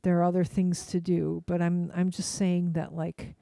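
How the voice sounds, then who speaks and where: A woman in her fifties co-hosting a casual political chat, talking in halting, restarting phrases and swearing when heated. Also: fairly low pitch, level tone, vocal fry, warm tone, no room sound. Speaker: podcast co-host.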